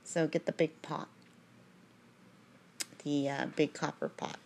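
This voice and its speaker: A woman's voice: low-pitched, flat delivery, slow, vocal fry, a little mellow, slight background noise. A woman reading a religious text aloud at home, breaking off into chatty, digressive asides and asking "right?" again and again.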